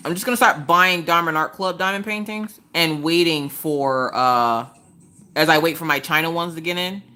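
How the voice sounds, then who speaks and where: A woman's voice: low-pitched, sharp tone. A woman hosting a casual craft livestream, chatting with viewers in a chatty, exasperated way and firing off rhetorical questions. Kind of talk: casual chat with live viewers. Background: chewing ice between sentences.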